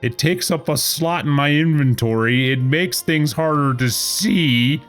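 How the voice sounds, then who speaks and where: A man's voice: a little high, measured pace, faint music behind. A man in his thirties giving casual gameplay commentary as a streamer, sarcastic, rambling and profane.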